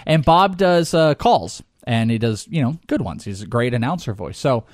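A man's voice: medium pitch, lively intonation, moderate pace, no echo, studio quality. A man co-hosting a podcast in casual, joking chat, rambling and laughing. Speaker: podcast co-host.

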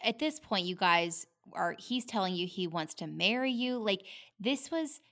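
A woman's voice: mid-range voice, animated, normal speed, fairly bright tone. A woman interviewer who listens and offers supportive responses and short affirmations. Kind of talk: conversational listening and replying.

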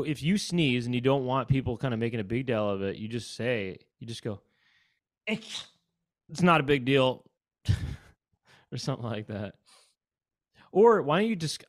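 Lively, rambling male podcast co-host. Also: medium pitch, dry recording, studio quality. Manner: rambling, silly voices and sneeze bits. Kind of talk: casual comedic chat.

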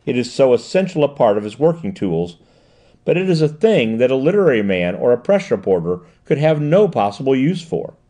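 A man reading the lines of a sharp, composed woman detective in an audiobook, explaining in a precise, measured way. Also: medium pitch, sing-song, natural voice.

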